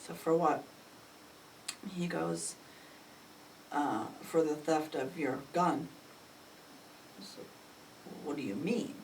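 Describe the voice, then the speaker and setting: A middle-aged woman recounting a family crisis in an emotional, animated way, acting out the dialogue with sudden jumps in pitch. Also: slow pace, gravelly, pauses often. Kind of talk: emotional personal storytelling. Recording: distant mic with faint ambient noise.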